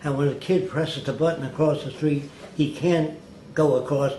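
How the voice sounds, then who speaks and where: An older man being interviewed, telling stories slowly and deliberately and acting out what other people said. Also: fairly high pitch, steady tone, dark tone. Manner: deliberate, slow-paced storyteller who mimics others' words. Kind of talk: anecdotal storytelling. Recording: echoey room with faint background noise.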